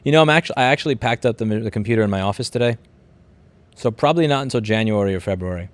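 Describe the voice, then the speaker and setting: Fast-talking New York man, low voice. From Queens, New York City. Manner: rapid, rambling, restarts and repeats words, blunt and profane. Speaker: livestream host. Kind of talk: casual livestream chat, reading viewer comments.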